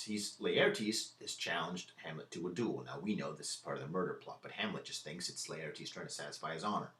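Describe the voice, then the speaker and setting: A man's voice: low-pitched, a little fast, sharp tone, echoey room. A man giving a casual literature lecture, retelling a play in everyday slang with many repeated words. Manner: casual, conversational, repeats words, paraphrases lines in modern slang. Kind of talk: classroom lecture. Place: lecture room.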